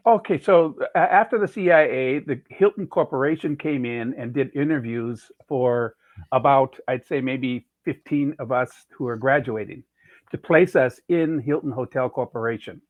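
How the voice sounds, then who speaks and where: A middle-aged chef from California tells his career story casually, slipping into the voices of people he quotes. His voice sits at an ordinary pitch. It comes through a thin, phone-like line with no room echo. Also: normal speed. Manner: rambling anecdotes with quoted dialogue. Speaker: chef, podcast guest. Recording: tinny phone-like dry sound.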